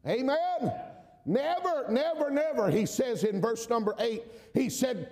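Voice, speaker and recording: A middle-aged man from the US South with a Southern drawl, preaching a sermon, emphatic, often calling out amen and swinging between shouts and quiet asides. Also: very high voice, animated, unhurried, big-room sound. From Georgia, US South.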